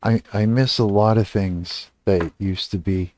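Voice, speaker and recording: A man's voice: lowish voice, fairly even intonation, measured pace, a little mellow, slight background noise. A man in his thirties from Canada, chatting casually on a livestream, rambling and swearing, trailing off and laughing often.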